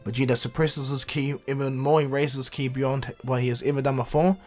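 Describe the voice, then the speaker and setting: A man's voice: mid-range voice, flat delivery, a little fast, darkish tone. Rambling casual male fan storyteller. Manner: rambling, loose, with restarts. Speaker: YouTube storyteller. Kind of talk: casual fan-fiction retelling.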